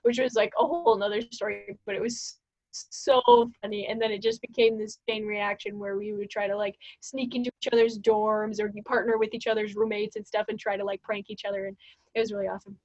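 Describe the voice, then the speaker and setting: A woman's voice: mid-range voice, fairly even intonation, fairly quick, a little mellow, dry recording. A young woman co-hosting a podcast, telling stories in a chatty way and giggling often. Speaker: podcast co-host. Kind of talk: casual podcast chat. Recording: dull lo-fi dry sound.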